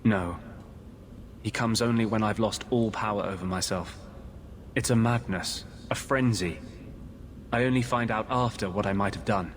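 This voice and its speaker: Man playing a haunted game mage, grave, intense, somewhat low voice, earnest. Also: normal speed, slight background noise, close to an everyday voice. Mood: grim. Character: brooding male mage haunted by a vengeful spirit. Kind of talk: video game dialogue.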